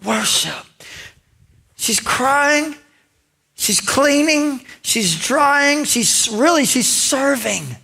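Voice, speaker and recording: A male pastor preaching a sermon in a lively storytelling way, acting out lines and talking directly to his congregation. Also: extremely high pitch, extremely slow, gravelly. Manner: conversational asides to the congregation.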